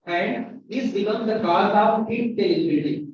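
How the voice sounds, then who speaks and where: A man's voice: high voice, normal speed, slight background noise. A man with an Indian English accent teaching a pronunciation lesson, spelling out words letter by letter and repeating each one. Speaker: university lecturer. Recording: dull echoey room from far off.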